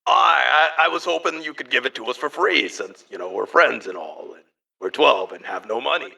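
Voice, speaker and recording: A man's voice: medium pitch, moderate pace, vocal fry, bright, forceful tone, exaggerated voice. Man playing a cheeky twelve-year-old dwarf boy. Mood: wheedling.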